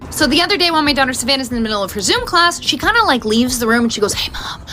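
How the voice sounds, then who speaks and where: A woman tells funny stories about her daughter in a bright, lively voice that swoops up and down. Her delivery is chatty and animated. Soft music plays underneath. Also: high voice, racing. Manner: animated, chatty, laughs through the telling. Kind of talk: casual storytime.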